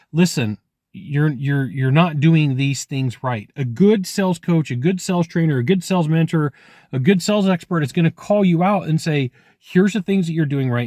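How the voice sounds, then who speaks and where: A man's voice: fairly high pitch, darkish tone, dry recording, studio quality. A man who works as a sales trainer, giving blunt, conversational coaching advice straight to the viewer. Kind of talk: direct-to-camera coaching talk.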